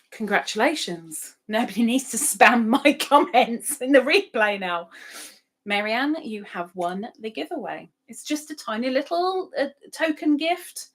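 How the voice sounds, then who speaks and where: A woman's voice: fairly high pitch, fairly bright tone. A woman hosting a casual live stream, chatting and reading out viewer comments with frequent laughs. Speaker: livestream host. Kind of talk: casual live-chat talk.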